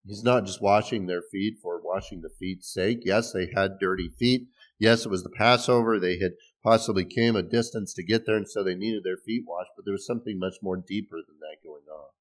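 A man's voice: low-pitched, fairly quick, hardly any pauses. A man preaching a sermon in a conversational way, explaining scripture with restarts and small laughs. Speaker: pastor.

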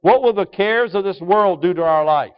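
High-voiced preacher, loud then hushed. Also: male voice, normal speed, smooth. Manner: call-and-response questions to the congregation; swings from loud emphasis to quiet asides. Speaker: pastor. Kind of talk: sermon. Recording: dull lo-fi sound.

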